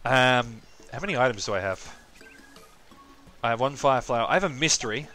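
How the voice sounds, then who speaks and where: A man's voice: mid-range voice, animated, moderate pace, pushed and bright, soft background music. Profane, self-mocking male game streamer. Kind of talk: casual live-stream commentary.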